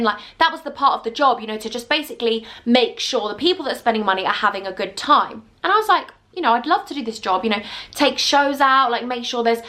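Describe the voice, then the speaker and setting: Brief: a woman in her twenties, chatty storytime vlogger, slightly high voice. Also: fairly bright tone. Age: 20s. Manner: chatty, rambling with many asides. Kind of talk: storytime vlog.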